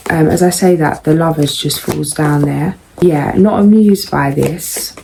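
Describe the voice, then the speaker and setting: A woman doing a casual tarot reading, musing and unhurried, with frequent pauses and ums. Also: low voice, steady tone, creaky, mellow, slight background noise, poor audio. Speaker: tarot reader.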